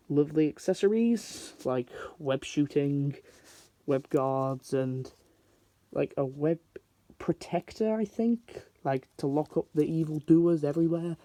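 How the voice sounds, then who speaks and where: A man talks through a toy review in a loose, rambling way, dropping filler likes as he goes. His voice sits a little high but sounds soft and mellow. The recording is dry and close, with no room sound. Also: dry recording. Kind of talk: casual product review.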